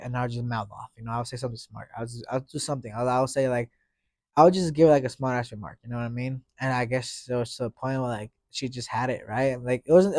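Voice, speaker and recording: A young man tells a story on his podcast in loose, slangy talk, padding it with constant fillers. His voice sits at an ordinary middle pitch. The recording is dry and close, with no room sound. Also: darkish tone, no echo. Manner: slangy, rambling, full of fillers like "you know what I mean". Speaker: podcast host. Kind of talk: casual storytelling monologue.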